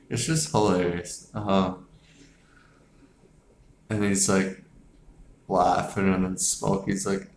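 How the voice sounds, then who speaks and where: A man casually reviewing a film, halting with many filler words and chuckles. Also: low voice, little pitch movement, gravelly, slight background noise. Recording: echoey room.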